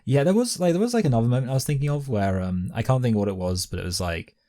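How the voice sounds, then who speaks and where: A man co-hosting a casual movie review chat, talking in quick, halting bursts and repeating words. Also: medium pitch, lively intonation, warm tone. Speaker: podcast co-host, movie reviewer.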